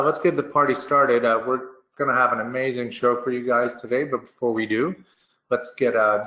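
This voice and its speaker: A man presenting a software product demo in a webinar, upbeat and casual with a salesy confidence. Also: medium pitch. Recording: dull, roomy online webinar audio.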